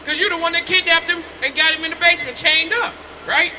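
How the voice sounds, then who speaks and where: A man street preaching outdoors, loud and confrontational, firing rhetorical questions at passersby. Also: very high voice, steady tone, fast talker, poor audio. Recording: street noise behind.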